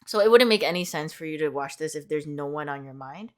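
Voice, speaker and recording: A woman's voice: low voice, animated, fast. A young woman reading tarot in a casual, rambling vlog, upbeat and full of "like" fillers. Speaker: tarot reader.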